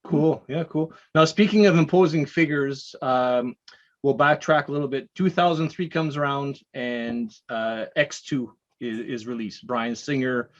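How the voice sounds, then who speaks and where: A man's voice: mid-range voice, measured pace. A man hosting an interview, asking questions in an eager, chatty way that tips into laughter. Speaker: podcast host. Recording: dull lo-fi recording.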